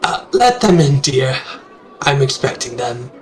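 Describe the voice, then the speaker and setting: A man voicing a sly old fortune-teller woman who speaks in a knowing, gently teasing way. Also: very deep voice, very animated, measured pace, slight background noise, heavily acted. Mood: welcoming.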